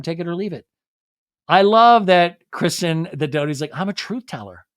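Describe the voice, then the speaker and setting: A man's voice: high voice, moderate pace, clear, resonant tone. A male podcast host recapping a reality show in a comic, profane way, often acting out what the cast said. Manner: animated, profane, jumps into exaggerated impressions.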